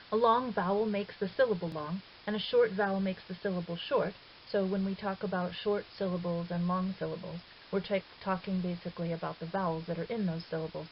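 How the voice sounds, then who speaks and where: A woman calmly explaining a grammar lesson as a recorded teacher, patient and step by step, now and then correcting herself. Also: fairly low pitch. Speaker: Greek teacher. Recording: dull hissy lo-fi 2009 recording.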